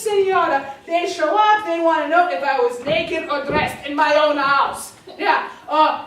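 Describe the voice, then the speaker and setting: An actress playing an excitable Italian housewife in a stage monologue, speaking broken English with an Italian accent in a chatty, theatrical way. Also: female voice, high-pitched, slight background noise. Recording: distant, echoey live theater recording.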